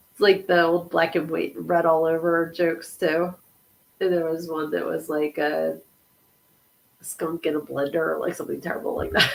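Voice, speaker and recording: Give me a giggly woman chatting on a livestream, slow-talking with a gravelly edge. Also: lowish voice, low-quality recording. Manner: giggly, reads corny jokes from the chat. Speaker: podcast host. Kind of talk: casual livestream chat.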